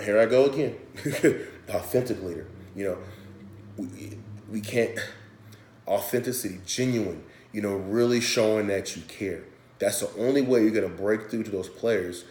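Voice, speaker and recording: Halting, earnest man in an echoey room. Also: fairly low pitch, darkish tone. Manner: halting, earnest, with many restarts. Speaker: presenter. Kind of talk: recorded presentation. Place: hotel room.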